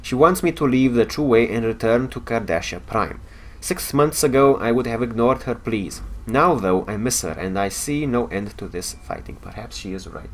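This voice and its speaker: A man with a Romanian accent reading the log of a weary male alien soldier in a space game, solemn and measured. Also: mid-range voice, expressive, slight background noise, lightly acted. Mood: somber.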